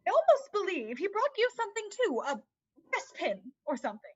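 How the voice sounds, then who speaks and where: A woman's voice: very high voice, wildly swooping pitch, brisk, heavily acted. A woman doing a flustered, fussing mother. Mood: coaxing. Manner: fussy, evasive, flustered. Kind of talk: amateur online dramatic reading. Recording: dull lo-fi sound.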